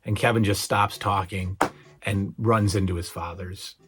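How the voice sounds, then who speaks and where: A man's voice: sits low, steady tone, unhurried, background noise. A middle-aged man hosting his own channel, chatting casually and hesitantly about memorable TV moments, with lots of fillers and restarts and a touch of emotion. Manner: gets emotionally worked up retelling scenes. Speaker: channel host.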